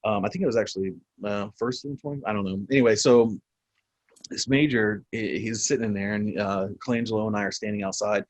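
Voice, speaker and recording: A man in his forties with a lowish voice tells old service stories in a loose, profane way, laughing often as he goes. The sound is close and dry, with no room around it. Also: quick pace, no echo. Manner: profane, animated storyteller who laughs often. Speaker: military veteran guest. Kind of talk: casual storytelling interview.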